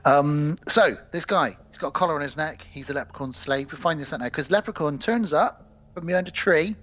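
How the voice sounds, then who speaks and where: A man co-hosting a podcast, retelling a film plot in animated, sweary casual chat. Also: fairly high pitch, fairly quick, muffled recording. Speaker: podcast co-host.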